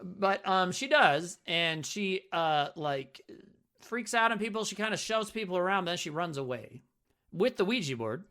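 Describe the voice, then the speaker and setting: A man's voice: high-pitched, expressive, measured pace, bright, forceful tone. A man co-hosting a podcast, chatting casually and jokily about a movie, rambling and swearing freely. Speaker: podcast co-host.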